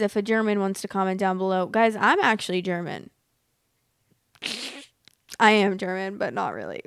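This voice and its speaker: Chatty young American woman, smooth voice. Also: mid-range voice, no room sound, clean studio sound. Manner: chatty, animated, exaggerated reactions. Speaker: host reading online stories. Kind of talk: casual storytime commentary.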